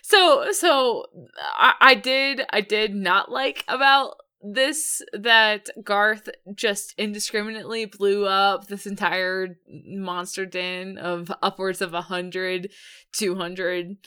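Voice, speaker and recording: A woman's voice: medium pitch, fairly even intonation, slow, sharp tone, clean tone. A woman co-hosting a podcast, chatting casually with meandering sentences and frequent giggles. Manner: meandering, many fillers and restarts, giggly. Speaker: podcast co-host. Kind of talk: casual chat.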